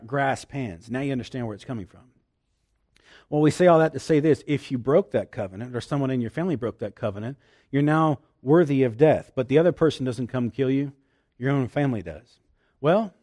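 A man preaching a sermon, emphatic, swinging from loud declarations to hushed asides and acting out quoted lines. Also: mid-range voice.

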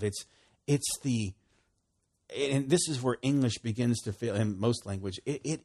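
A man preaching a casual sermon in an animated way, acting out little prayer dialogues as he goes. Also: lowish voice, slightly rough. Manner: animated, acts out voices of prayer and God.

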